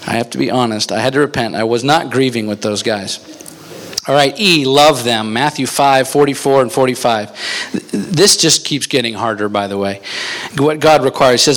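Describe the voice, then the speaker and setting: A man preaching a sermon, telling a story with lively energy and laughing at his own jokes before reading scripture. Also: medium pitch, normal speed. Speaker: pastor.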